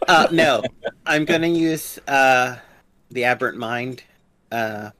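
A man playing a tabletop game, easygoing and explaining his moves quietly. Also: medium pitch, takes it slowly, crowd noise. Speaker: player.

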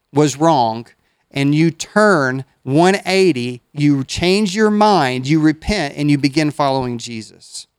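A man's voice: a little high, clear, resonant tone, no echo. Man, pastor, folksy conversational sermon, resonant tone, dry close mic. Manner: conversational preaching with folksy asides and restarts.

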